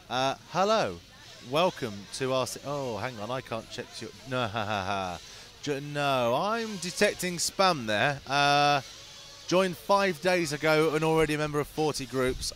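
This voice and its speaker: A man's voice: on the high side, fairly bright tone. A man reading race results and greeting new group members, chatty and self-mocking. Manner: chatty, self-mocking, apologetic about names. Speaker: race stream presenter. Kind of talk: casual live-stream chat. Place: outdoors at race track.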